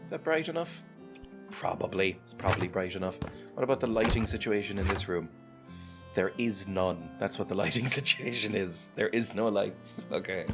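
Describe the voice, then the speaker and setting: A man's voice: fairly low pitch, expressive, normal speed. A man chatting casually over a game, rambling and laughing often at his own asides, with music playing behind him. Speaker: gameplay video creator. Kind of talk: casual gameplay commentary. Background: background music.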